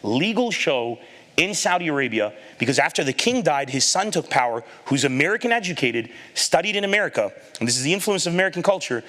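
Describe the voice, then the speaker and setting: A man with a bright, forceful, slightly high voice tells a funny story in an animated way. He gives the people in his anecdote their own voices and laughs at his own lines as he goes. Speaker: comedian giving a talk. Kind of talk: storytelling stand-up talk.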